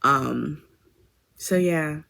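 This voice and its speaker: A woman's voice: deep voice, drawn-out words, vocal fry, pushed and bright. A woman hosting her craft podcast from home, chatting casually and wandering with filler words. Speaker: podcast host. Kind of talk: casual chat.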